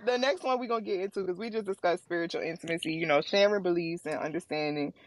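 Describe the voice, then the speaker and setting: A woman's voice: on the low side, fast, a little hiss or hum. A woman co-hosting a podcast, chatting casually and speaking directly to a live audience. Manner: warm, chatty, talks directly to listeners. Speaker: podcast co-host.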